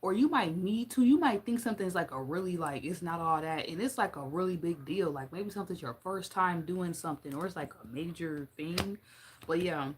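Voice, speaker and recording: A woman's voice: fairly low pitch, animated, brisk, a little hiss or hum. A young woman giving a casual tarot reading, blunt and profane, joking and laughing often as she talks. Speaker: tarot reader.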